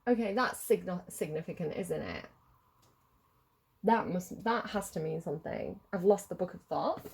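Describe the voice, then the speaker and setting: A woman's voice: fairly low pitch, expressive, brisk, vocal fry, husky. A woman giving a rambling, chatty tarot reading straight to camera, swearing freely as she goes. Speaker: tarot reader. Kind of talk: casual tarot reading monologue.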